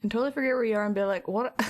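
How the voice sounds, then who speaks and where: A woman's voice: on the high side, racing. A woman chatting loosely and rambling between topics while she crafts on a live stream. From United States. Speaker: art streamer.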